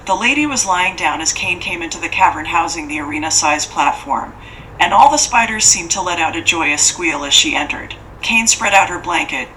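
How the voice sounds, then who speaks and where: A woman narrating a fantasy audiobook in an even, unhurried storytelling manner. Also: lowish voice. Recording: faint noise, distant from mic.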